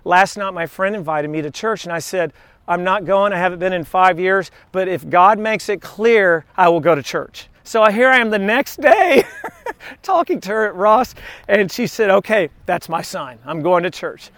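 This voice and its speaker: A man's voice: high voice, moderate pace, a bit bright, dry recording. A male pastor giving a casual, anecdotal sermon at an outdoor beach church, chatting with frequent asides to the congregation.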